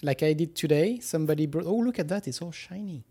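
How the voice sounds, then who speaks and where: A man's voice: a little high, fast, dark tone, husky. A man co-hosting a casual podcast, playful and rambling, often laughing. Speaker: podcast co-host. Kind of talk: casual chat.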